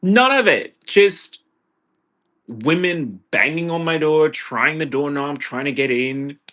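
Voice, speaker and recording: Man, unhurried, profane, exasperated rant, mutters then loud bursts. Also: on the high side, animated. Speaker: vlogger. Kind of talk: rambling personal rant.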